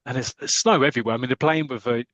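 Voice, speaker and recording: A man co-hosting a podcast, casually retelling a football comic story and breaking into excited commentary. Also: mid-range voice, rapid-fire, dry recording, dull audio. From United Kingdom. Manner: animated, jumps into excited commentary voice. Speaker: podcast co-host.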